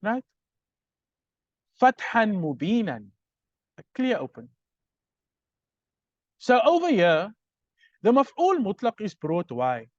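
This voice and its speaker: Slow, lively-pitched male grammar teacher. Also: no echo, highs cut off. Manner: explains step by step, checks understanding with "right?". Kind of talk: recorded lecture.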